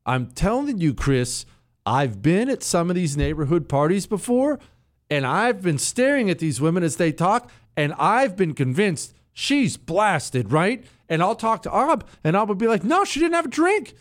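Male host, sarcastic and animated, lively pitch, dry studio voice. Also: a little slow, no room sound. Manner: sarcastic, animated, addresses producer on air. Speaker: talk show host. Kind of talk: opinionated radio-style commentary.

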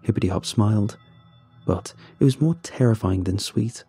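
A man narrating a first-person horror story in a steady, somber way. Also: lowish voice, normal speed, husky, dry recording, soft background music.

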